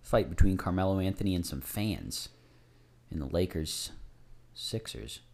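A man's voice: low voice, unhurried, creaky, a little mellow. A man in casual podcast chat, easygoing and a bit hesitant.

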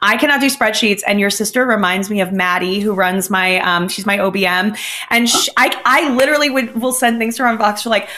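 A woman's voice: medium pitch, fairly even intonation, brisk, pushed and bright. A woman hosting a podcast interview, chatting casually and laughing easily along with her guest. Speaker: podcast host.

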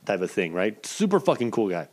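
A man in his thirties telling a story casually, swearing a lot and jumping up and down in pitch. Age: 30s. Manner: profane, animated, quick swings in pitch. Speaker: wrestling cameraman telling a story.

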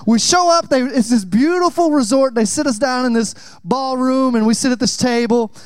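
A man's voice: very high voice, normal speed, clear, resonant tone, dry recording. A young adult man preaching a sermon, chatty and joking as he tells stories. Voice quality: chatty, joking, animated storyteller. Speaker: pastor.

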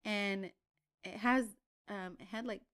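A young adult woman, a podcast co-host, telling a story in animated casual chat, full of "like" and swearing. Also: medium pitch, takes it slowly, clear, resonant tone.

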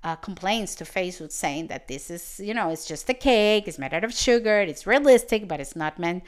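A woman's voice: lowish voice, animated, normal speed, smooth. A woman hosting a podcast as a business coach, giving advice in a chatty storytelling manner. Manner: chatty, storytelling, restarts and fillers. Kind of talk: casual podcast monologue.

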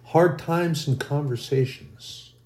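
A man's voice: fairly high pitch, slow, a little mellow, echoey room. A man preaching a sermon, telling a long everyday story in a folksy, rambling way.

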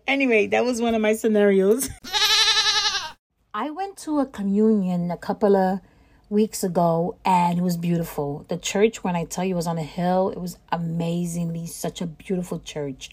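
A woman hosts a casual podcast in her own plain voice, chatting straight to listeners. She tells stories with lively energy, acts out both sides of a conversation with exasperated emphasis, and laughs often. Her pitch sits in the middle range. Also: measured pace. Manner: chatty, animated, reenacts dialogue with exasperated emphasis; laughs often while talking. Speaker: podcast host. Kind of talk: casual storytelling chat.

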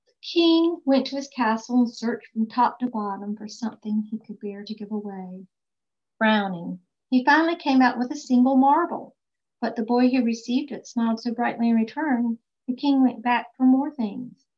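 Woman reading a kids story out loud, expressive, slows down for big moments, highish voice, dull lo-fi audio. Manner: expressive, slow and emphatic. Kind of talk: storybook read-aloud. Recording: dull lo-fi recording.

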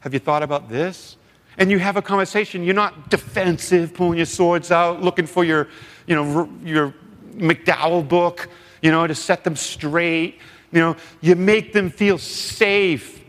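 A man's voice: high-pitched, fairly even intonation, unhurried, a bit bright. A middle-aged man, a former youth pastor, tells heartfelt stories at a men's seminar and acts out other people's lines. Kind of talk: storytelling sermon. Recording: long reverb of a large hall.

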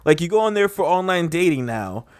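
A man's voice: a little high, very animated, fairly quick, no echo, studio quality. A man in casual chat, rambling with lots of filler words and a skeptical tone.

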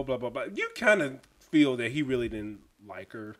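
A man hosting a podcast, reviewing a film in casual chat, animated and laughing often, stumbling over names. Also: medium pitch, moderate pace. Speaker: podcast host.

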